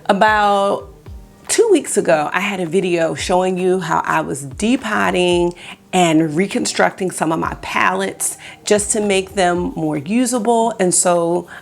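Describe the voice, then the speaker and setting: A woman's voice: fairly low pitch, unhurried, gravelly, soft background music. A woman hosting a beauty vlog in a casual, chatty way, talking straight to her viewers in her early morning voice. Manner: chatty, addresses viewers directly. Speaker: beauty vlogger host.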